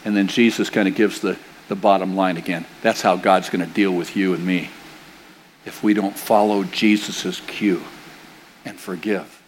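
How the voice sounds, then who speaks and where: In a church sanctuary, an older man, a grandfather serving as pastor, preaches a sermon conversationally, with rhetorical questions and playful asides. His voice is lowish, with slight background noise.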